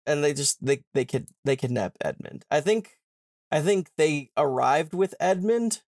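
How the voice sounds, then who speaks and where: A man's voice: a little high, expressive, a little mellow, no echo, clean studio sound. A man hosting a podcast, casually retelling a book's plot, with swearing and slangy paraphrased dialogue. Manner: irreverent, swears, paraphrases characters in quick modern slang. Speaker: podcast host.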